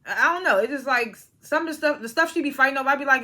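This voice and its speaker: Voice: high voice, racing, sharp tone. A young adult reality TV reviewer in casual vlog commentary, talking bluntly and profanely with rambling asides.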